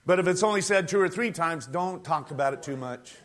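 In a conversational, animated sermon, a man acts out quoted voices and builds to shouts at the climaxes. His voice runs a little high and a little fast.

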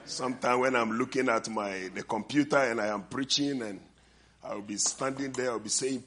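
A man's voice: mid-range voice, sharp tone. An older man with a foreign accent preaching a sermon, leading the congregation with call-and-response and repeated amens. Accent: non-native English accent. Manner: call-and-response, repeated "amen and amen", drawn-out emphasis. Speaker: visiting preacher.

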